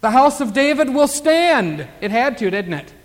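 A man's voice: extremely high pitch, big pitch swings, moderate pace. An older man preaching a Bible teaching sermon in a folksy way, full of rhetorical questions and asides as he reads scripture aloud. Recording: long hall reverb.

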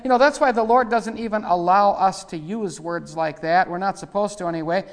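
A preacher man with a gravelly, fry-edged voice delivers a rough, folksy sermon full of sudden loud bursts. His words ring out with a long hall reverb behind them. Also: sits high, normal speed.

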